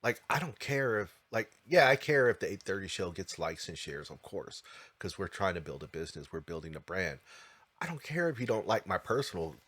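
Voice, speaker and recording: A very deep-voiced man talks through a casual podcast chat as co-host. He stresses his points with repetition and draws out his phrases. The sound is dry and close, with no room around it. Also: very animated, a bit bright, no room sound. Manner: emphatic, repeats himself, drawn-out phrasing.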